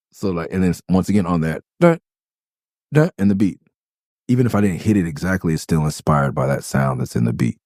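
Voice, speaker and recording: Casting note: middle-aged man, low and mellow, rambling storyteller who keeps dropping into goofy voices, dry close sound. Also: lively intonation, fairly quick, no echo. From Los Angeles. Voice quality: calls his own voice high pitched. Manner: rambling, laughs, breaks into funny character voices. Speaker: rapper breaking down his own song. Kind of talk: casual storytelling commentary.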